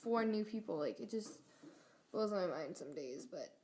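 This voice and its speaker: A woman's voice: medium pitch, animated, moderate pace, warm tone. A teenage girl vlogging a rambling, exasperated rant, full of fillers. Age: teens. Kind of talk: casual rant to camera.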